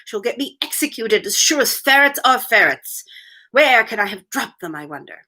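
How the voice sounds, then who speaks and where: A woman's voice: on the high side, big pitch swings, moderate pace, pushed and bright, heavily acted. A woman reading aloud, voicing an anxious, fussy male rabbit who frets and scolds in clipped tones. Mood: fretful. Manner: fussy, fretting exclamations, clipped British-style emphasis.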